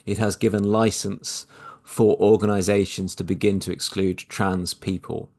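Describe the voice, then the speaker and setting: A man talks in a very low, deep register. He is a minister recording a personal podcast reflection. His speech is heated but halting, and he keeps restarting his sentences. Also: level tone, a little mellow. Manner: impassioned, halting, with many restarts.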